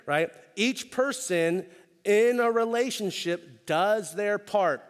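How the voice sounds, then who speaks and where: A pastor delivers a sermon in a relaxed, conversational way, poking fun at himself and repeating his main points for emphasis. His voice sits somewhat high for a man. The sound carries a long reverb from a church auditorium. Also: takes it slowly. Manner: conversational preaching with self-deprecating humor; repeats key lines for emphasis.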